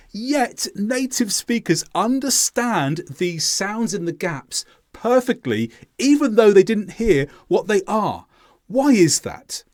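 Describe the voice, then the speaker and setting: A man teaching a language lesson, speaking clearly and deliberately as he demonstrates pronunciation. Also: sits high, dry recording, clean studio sound. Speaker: English teacher. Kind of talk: scripted lesson narration.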